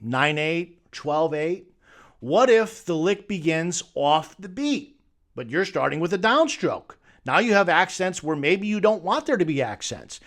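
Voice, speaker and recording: A man teaching guitar technique, emphatically debunking myths and firing off rhetorical questions. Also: high voice. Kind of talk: instructional talk to camera.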